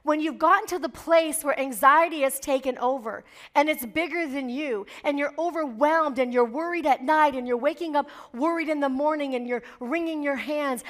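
A woman's voice: high voice, moderate pace, few pauses. A middle-aged woman pastor preaching a sermon, fervent and emphatic, building in intensity as she exhorts.

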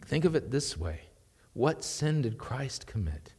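A man preaching a sermon as pastor, emphatic and swinging between loud and quiet. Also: medium pitch, big pitch swings, unhurried, slightly rough, big-room sound. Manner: emphatic preaching with rising and falling intensity. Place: church.

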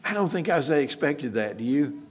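A man's voice: on the high side, animated, moderate pace, husky. A man preaching a sermon in a conversational way, asking rhetorical questions and repeating words as he restarts. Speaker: pastor.

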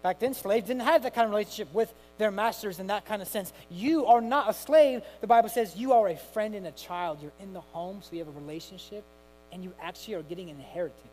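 A middle-aged man preaching a sermon with passion, moving from hushed tones to loud cries. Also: high-pitched, fast, slight background noise, rough recording. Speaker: pastor.

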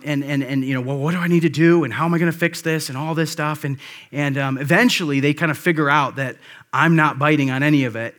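A man's voice: a little high, sharp tone. A male pastor delivering a conversational sermon, with frequent asides and restarts.

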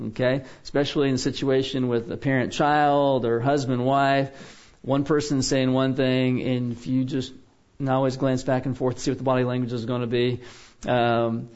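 A man lectures on counseling in a loose classroom manner, often pausing to ask "okay?" to keep his listeners with him. His voice sits at an ordinary middle pitch. The recording is dull and lo-fi. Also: a little mellow. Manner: conversational, checks in with "okay?" often. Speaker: biblical counseling teacher.

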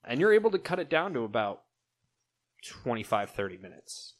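A man narrating as game master of a tabletop role-playing game, relaxed and halting, with fillers and restarts. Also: medium pitch.

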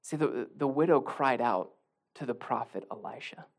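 A male pastor preaching a sermon, swinging from soft near-whispers to loud emphatic bursts and repeating phrases for emphasis. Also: medium pitch, expressive, moderate pace, gravelly.

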